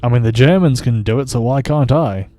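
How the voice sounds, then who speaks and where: A man's voice: mid-range voice, brisk, mellow, soft background music. A man streaming a video game, giving casual, wry commentary with frequent chuckles. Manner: wry, amused, chuckles often.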